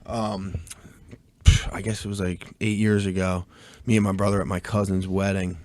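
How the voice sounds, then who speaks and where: A man's voice: low-pitched, moderate pace. A man from the in his thirties, a podcast guest telling rowdy stories in casual chat, swearing freely and acting out the other people in them. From Delaware County, Pennsylvania. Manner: profane, animated, acts out voices in anecdotes.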